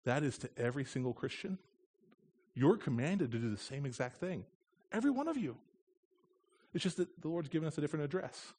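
A fast-talking man with a slightly high, somewhat mellow voice delivers a conversational sermon. He's an American missionary preaching in a church, earnest and plain in his speech, with touches of lighthearted humor.

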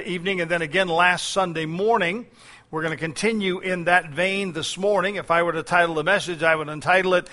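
A man's voice: sits high, sharp tone. A man preaching a sermon as pastor, with frequent fillers and key phrases repeated.

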